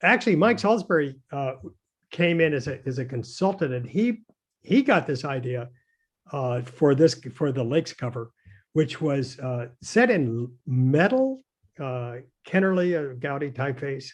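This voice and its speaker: A man's voice: mid-range voice, lively intonation, unhurried. An older man, a designer, chatting casually and telling anecdotes in a hesitant, rambling way with many fillers and chuckles. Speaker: guest, designer. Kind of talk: casual conversation.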